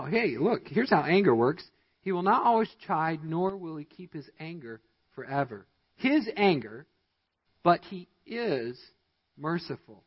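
A man preaching a sermon as pastor, stressing his points with emphatic, rising delivery. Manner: emphatic preaching with rising pitch on key lines. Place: church sanctuary. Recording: dull, echoey church recording.

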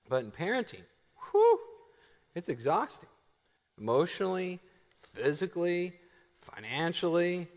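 A middle-aged man delivers a sermon in a church sanctuary. His voice is lively and moves around a lot, with playful asides and laughter that give way to slow, emphatic lines. The sound carries a long, echoing hall reverb. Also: a little high. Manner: animated, joking, laughs often, builds to emphatic slow phrases. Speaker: pastor.

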